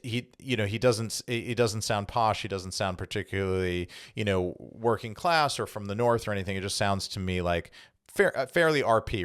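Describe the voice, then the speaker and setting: A man's voice: sits low, no room sound, clean studio sound. A man co-hosting a podcast, explaining things in a casual, rambling way full of restarts. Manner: rambling, self-correcting explanations. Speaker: podcast co-host. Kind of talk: casual chat.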